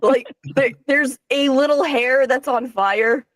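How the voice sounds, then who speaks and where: A woman running a tabletop game as game master, describing scenes and rulings in a relaxed, filler-laden way. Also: high voice, slow pace, a loud crowd. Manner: relaxed, explains rules with fillers.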